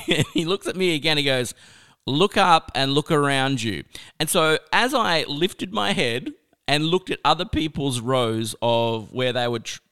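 A young man telling a personal story with a lesson, chatty and animated, often laughing as he talks. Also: fairly high pitch, normal speed, clear, resonant tone. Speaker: speaker sharing a life lesson.

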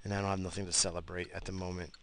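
A man's voice: deep voice, level tone, racing, vocal fry, noisy background. A middle-aged man rambling and grumbling profanely in a casual radio monologue while driving. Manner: profane, grumbling, easily aggravated. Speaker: radio show host.

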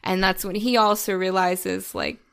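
A woman's voice: mid-range voice, level tone, normal speed, creaky, fairly bright tone, clean tone. A woman co-hosting a podcast, chatting about a film with gushing emotion, tearful at times and full of restarts and fillers. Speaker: podcast co-host. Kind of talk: casual film discussion.

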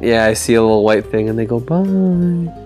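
A man's voice: on the low side, completely flat delivery, rapid-fire, a little mellow, faint music behind. A young man co-hosting a podcast on a video call, overtired and playful, laughing often in casual chat. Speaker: podcast co-host.

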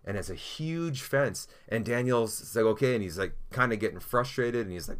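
A man's voice: medium pitch, lively intonation, normal speed, hardly any pauses. A man preaching a sermon as pastor, telling a story earnestly and encouragingly, then leading a prayer.

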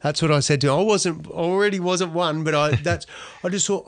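A middle-aged Australian man, a former athlete, telling his story in a lively, slangy, self-deprecating way. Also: a little high, brisk, dry recording. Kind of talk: storytelling talk.

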